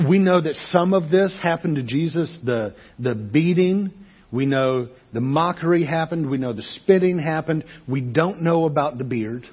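A man preaching a sermon as pastor, talking to the congregation in a conversational, animated way and asking rhetorical questions. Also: mid-range voice, husky, lo-fi sound.

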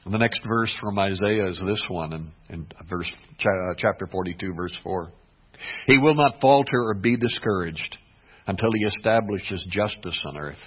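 A pastor delivering a sermon, swinging between hushed, quiet passages and emphatic, rising ones. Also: male voice, sits low, moderate pace, breathy edge. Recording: dull lo-fi recording.

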